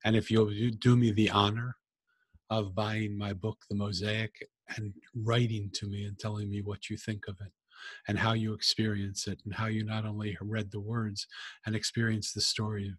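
Guest author guy, lowish husky voice, earnest and kinda inspirational. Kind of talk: reflective conversational talk.

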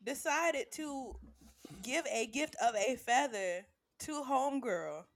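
Woman, high voice, podcast co-host, animated, curse-heavy storyteller. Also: takes it slowly. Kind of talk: casual chat.

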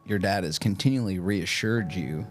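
A man's voice: sits low, moderate pace, faint music behind. A man co-hosting a casual interview, reflective and loose in his phrasing, with many fillers. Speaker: podcast co-host.

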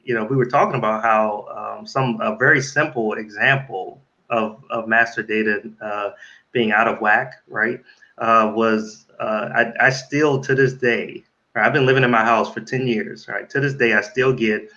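A man's voice: lowish voice, fairly even intonation, moderate pace, pushed and bright, muffled recording. A man hosting an interview, chatting loosely with frequent fillers and hesitations. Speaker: interview host. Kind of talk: casual interview chat.

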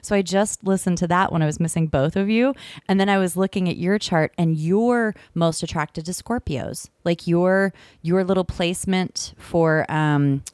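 A woman with a low voice tells a long story to her co-host. She rambles and restarts, piling up fillers as she goes, and she is recorded close and dry. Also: normal speed, a little mellow, no room sound. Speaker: podcast host. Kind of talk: casual chat. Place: in the UK, visiting family.

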